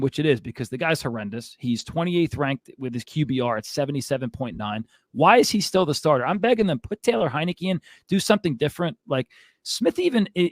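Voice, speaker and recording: Male fantasy football host, exasperated rant, slightly high pitch, dry close sound. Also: dry recording. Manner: ranting, exasperated. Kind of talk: casual sports commentary.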